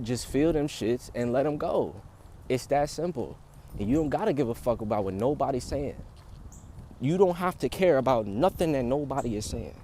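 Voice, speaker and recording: A young man livestreaming outdoors, talking in a casual, rambling, profane and animated way, often laughing. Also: mid-range voice, a little hiss or hum. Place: outdoors in a city.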